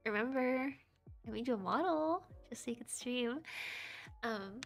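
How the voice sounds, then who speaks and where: A young woman with a high, light voice talks with her chat in a relaxed, unhurried way during a casual livestream. She giggles a lot and teases herself, and soft music plays quietly in the background. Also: vocal fry. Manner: giggly, chatty and self-deprecating. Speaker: VTuber streamer and model rigger.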